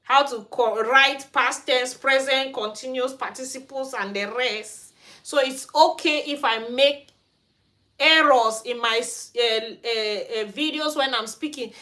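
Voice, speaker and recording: Frank Cameroonian-accented woman with a bright voice. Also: sits high, unhurried. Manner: frank, ranting. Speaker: hair care channel host. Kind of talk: livestream chat. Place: Sweden.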